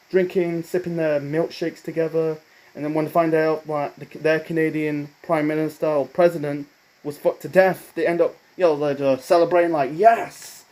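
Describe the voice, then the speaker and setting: A man's voice: a little high, dark tone, low-quality recording. A man reviewing a cartoon episode in a loose, rambling way, often stumbling over his words and restarting. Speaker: video reviewer.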